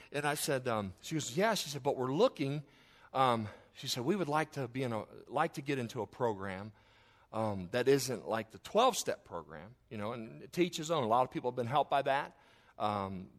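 A middle-aged male pastor preaching a sermon, telling a personal story with lots of quoted dialogue and swelling loud and slow on emphatic lines. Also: medium pitch. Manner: storytelling, quoting others in dialogue.

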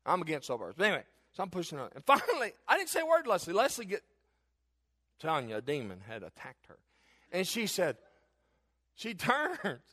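A middle-aged man preaching a sermon as a pastor, telling jokes and stories in an animated way. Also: high voice, fairly quick. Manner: animated, joking storyteller. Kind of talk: humorous sermon.

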